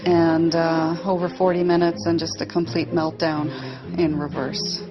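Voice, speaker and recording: A woman commenting on a reality show as an expert, in a calm and analytical way. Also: sits low, a little slow. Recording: dull lo-fi TV audio with music.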